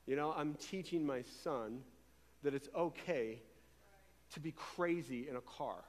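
A man with a fairly high voice preaching a sermon to his congregation. He talks in an animated, conversational way and often stumbles over repeated words. The long reverb of a large church hall trails behind him. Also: measured pace. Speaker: pastor.

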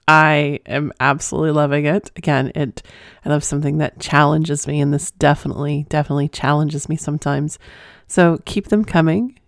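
A woman's voice: deep voice, dry recording, clean studio sound. A woman hosting her own podcast from home, chatting casually and frankly, playful and laughing often. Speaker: podcast host reading listener confessions. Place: at home under blankets.

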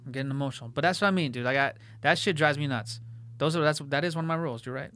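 A young man co-hosting a podcast, ranting in an animated way and swearing heavily in casual banter. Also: a little high, fast. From Italian-American family. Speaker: podcast co-host.

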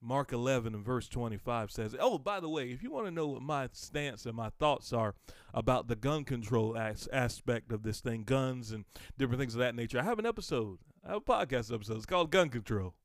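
A man's voice: mid-range voice, animated, fairly quick, no echo, studio quality. A man preaching on his podcast in a fervent way, building to emphatic outbursts and repeating phrases for force. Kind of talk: sermon podcast.

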